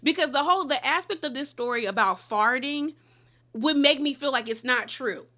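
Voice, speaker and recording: A woman's voice: sits high, moderate pace, pushed and bright. A woman giving a casual, opinionated recap of a TV episode, chatty and full of slang. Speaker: reality TV recap host.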